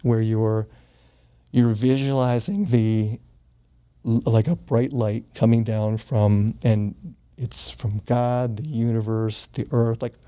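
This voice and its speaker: A man in his sixties, a guest on an interview, tells a personal story in a mellow, mid-range voice that's slow and fairly even in intonation. He comes across as earnest and casual, swears offhandedly, and sometimes gets choked up.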